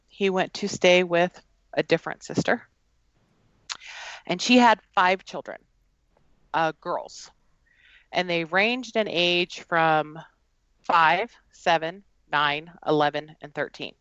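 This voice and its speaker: Low-voiced woman telling a personal story. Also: fairly bright tone, no echo, dull audio. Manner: earnest, halting, with frequent fillers. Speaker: guest. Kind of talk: personal storytelling in a podcast conversation.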